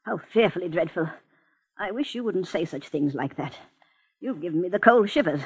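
An actress playing a neurotic, domineering elderly woman who is an invalid, in 1940s radio acting, with a shrill, imperious, easily alarmed manner, from an old radio broadcast. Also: lively intonation, moderate pace, husky. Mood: peevish. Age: older.

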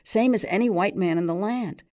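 A woman's voice: medium pitch, brisk, a little mellow, pitched above the performer's own voice, lightly acted. A woman reading aloud, voicing a weighty older man who speaks with grand, mocking irony. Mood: sardonic. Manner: sardonic, grandly ironic.

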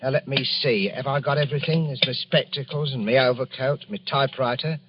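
An actor playing a timid, odd middle-aged lodger who talks hesitantly and apologetically, in 1940s radio acting style on a dull old broadcast. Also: male voice, medium pitch, fairly even intonation, fairly quick, noisy background, lightly acted. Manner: hesitant, apologetic, filled with uh's.

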